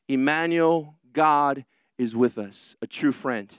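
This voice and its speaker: A man preaching a sermon as pastor, drawing out key lines slowly and rushing through asides. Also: mid-range voice, smooth, no room sound, studio quality. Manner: preaching with slow, drawn-out emphatic lines and quick asides.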